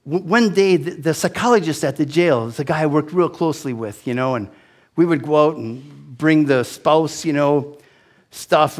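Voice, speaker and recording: Man in his 60s, personal testimony, animated storytelling, self-deprecating, fairly high voice. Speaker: speaker giving a testimony.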